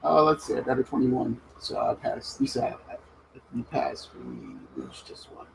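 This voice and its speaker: Gravelly-voiced man playing a game. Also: medium pitch, wildly swooping pitch, normal speed, noisy background. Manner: thinks aloud while reading out dice results. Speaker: player. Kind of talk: casual tabletop game play.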